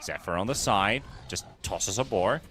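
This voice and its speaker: A man casting a live esports match, calling the plays fast and joking with his co-caster. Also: lowish voice, expressive, noisy background. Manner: quick play-by-play, joking and laughing with his co-caster. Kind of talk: live game commentary.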